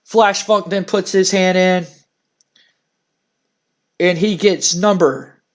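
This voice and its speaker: Unhurried man narrating wrestling play-by-play. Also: high-pitched, fairly even intonation. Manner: storytelling play-by-play, hyping announcements. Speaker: game narrator.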